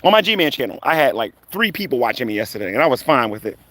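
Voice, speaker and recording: A man's voice: medium pitch, sing-song, quick pace, pushed and bright, dry recording. A man running a live stream, taunting rivals in a combative, rambling rant full of fillers. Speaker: online commentator on a live stream.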